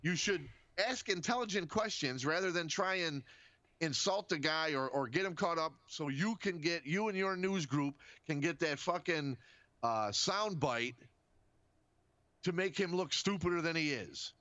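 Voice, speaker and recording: A man's voice: a little high, a little slow, dry recording. Profane, rambling man with lo-fi dry sound. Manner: animated, profane, rambling with restarts. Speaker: podcast co-host. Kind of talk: casual chat.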